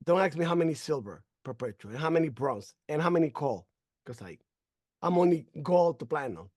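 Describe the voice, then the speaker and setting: Man, testimonial storyteller, animated and emotional, lively pitch, dry close sound. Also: brisk, no room sound. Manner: animated, acting out conversations, stumbling fillers; emotional, faith-filled. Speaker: member sharing a testimonial.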